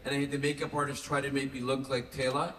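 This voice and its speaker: A man's voice: medium pitch, fast talker. A man on a convention panel, telling stories and chuckling. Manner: animated storyteller, chuckling. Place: large convention hall. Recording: echoey hall, distant mic, some noise.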